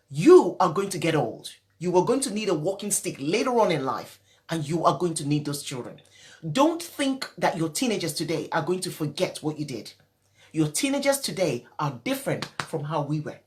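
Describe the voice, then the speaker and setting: Upset, emphatic woman with lively pitch. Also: moderate pace. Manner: emphatic, repeats key points. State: upset and teary. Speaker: parenting coach. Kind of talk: emotional live-stream talk.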